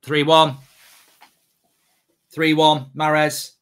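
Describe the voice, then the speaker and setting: A frustrated man picks apart his team's marking in a live football reaction. His voice is fairly high, and he stammers as he restarts sentences. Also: level tone, drawn-out words, fairly bright tone, clean tone. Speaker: fan reacting to a match.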